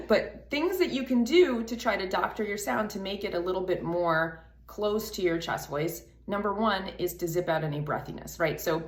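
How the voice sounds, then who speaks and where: A woman's voice: fairly low pitch, a bit bright, roomy sound. A woman vocal coach explaining singing technique in a chatty way, her voice still froggy from the morning. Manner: explanatory, chatty, laughs between points. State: froggy morning voice, not warmed up. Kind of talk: singing lesson.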